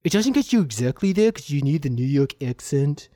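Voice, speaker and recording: A man's voice: a little high, sing-song, brisk, mellow, no room sound, studio quality. A man co-hosting a comedy podcast, talking casually and animatedly, explaining things and joking at his own expense. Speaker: podcast co-host.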